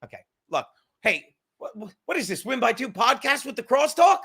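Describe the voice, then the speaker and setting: A man hosting a livestream podcast in a high, bright voice. He rambles and jokes with his viewers, swearing freely as he goes. The talk is loose and casual at a desk mic. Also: sing-song, moderate pace, gravelly, breathy edge. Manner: rambling, profane, joking with the chat.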